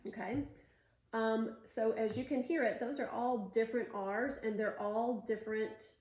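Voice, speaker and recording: A woman speech teacher giving patient, step-by-step coaching, stretching out sounds slowly to demonstrate them and following with brief praise. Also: a little high, highs cut off. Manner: gives short coaching cues and praise. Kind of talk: instructional demonstration. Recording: roomy echo.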